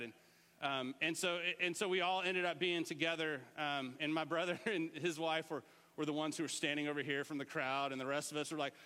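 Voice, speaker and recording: A middle-aged man preaching a lively sermon, sometimes shouting out words to show what they mean. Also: a little high, fast, big-room sound. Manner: animated, shouts out words to demonstrate. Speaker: pastor.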